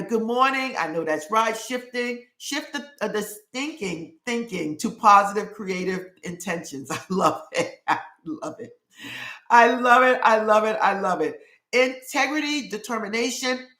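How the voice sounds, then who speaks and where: A woman's voice: medium pitch, bright, forceful tone, roomy sound. A woman hosting a casual livestream, reading out viewer comments and repeating her enthusiasm over and over. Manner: effusive, repeats "I love it" often.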